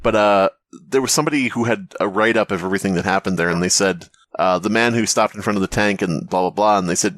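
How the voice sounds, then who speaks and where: A man's voice: lowish voice, brisk, a bit bright, no room sound. A man on a casual comedy podcast, riffing absurd stories and swearing freely. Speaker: podcast co-host.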